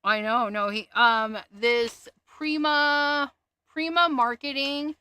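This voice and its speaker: High-voiced chatty woman crafter. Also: slow, bright, forceful tone, smooth. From Canada. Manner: chatty, giggly, thinks aloud. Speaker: crafting livestream host. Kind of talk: casual craft chat.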